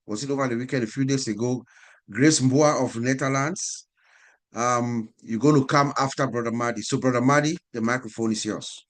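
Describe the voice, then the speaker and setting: A man's voice: medium pitch, moderate pace. A man hosting an online group call. He speaks emphatically and repeats his points as he hands the microphone over. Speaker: host of the call.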